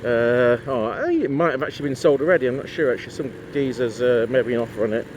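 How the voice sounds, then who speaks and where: A man's voice: medium pitch, lively intonation, fast, a little mellow, slight background noise. A man chatting casually to camera for his motorcycle vlog, rambling with lots of asides and fillers. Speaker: motorcycle vlogger.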